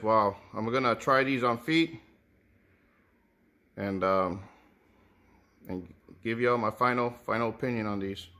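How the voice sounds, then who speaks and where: A man's voice: on the low side, pushed and bright. A man casually reviewing sneakers, thinking aloud with many repeated words and restarts. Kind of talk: casual unboxing commentary.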